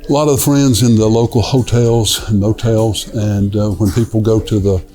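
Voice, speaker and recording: A middle-aged man, a restaurant owner telling stories in a relaxed, rambling way with lots of fillers, inside a dim restaurant. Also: lowish voice, normal speed, faint music behind. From Newport, Tennessee. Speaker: restaurant owner, son of the founder. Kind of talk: casual storytelling interview.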